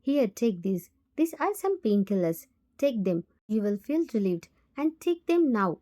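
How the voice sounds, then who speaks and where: A woman's voice: a little high, sing-song, measured pace, warm tone. A woman voicing a protective man in his forties, an uncle who turns firm and scolding, in a fan fiction voiceover. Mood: caring.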